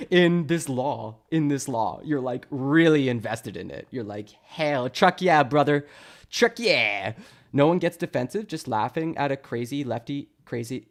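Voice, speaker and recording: A man's voice: mid-range voice, darkish tone. Man from canada, sarcastic streamer, mocking, laughing, casual rant. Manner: sarcastic, mocking, laughing, putting on voices to mimic chat.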